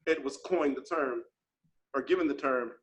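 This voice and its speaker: A man co-hosting a casual podcast, explaining with expressive, playful emphasis. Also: medium pitch, normal speed. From Texas. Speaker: podcast co-host. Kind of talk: casual chat.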